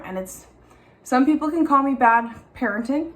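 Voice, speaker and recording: A young woman, a mother, talking candidly and casually to camera at home in a chatty, animated way. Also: sits high, moderate pace. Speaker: mom vlogger. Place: at home, in the garden.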